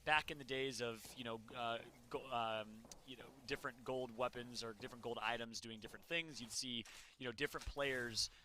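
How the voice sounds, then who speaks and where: Guy casting esports play by play, talks fast, bright voice, gets loud on the big moments. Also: mid-range voice, slight background noise. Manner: energetic, rising to shouts on eliminations. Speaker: esports caster. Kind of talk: play-by-play commentary.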